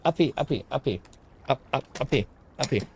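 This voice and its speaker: A man's voice: mid-range voice, expressive, fairly quick, slight background noise. A man chatting casually while unboxing gifts, muttering asides and talking to his dog. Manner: muttering asides, frequent throat clearing. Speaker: gaming video creator.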